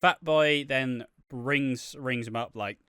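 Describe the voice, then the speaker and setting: A man talking on a podcast in a bright, crisp voice, sweary and rambling, breaking into laughs. The sound is dry and close, with no room around it. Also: medium pitch, takes it slowly, no room sound. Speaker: podcast co-host reviewing a soap. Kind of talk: casual podcast chat.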